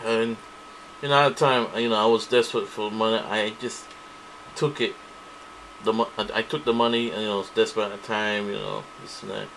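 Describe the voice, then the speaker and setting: A man's voice: lowish voice, fairly even intonation, fairly quick, vocal fry, a bit bright, slight background noise, poor audio. A man ranting angrily to camera, profane and repetitive, circling back to the same complaints. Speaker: vlogger. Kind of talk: angry ranting monologue to camera.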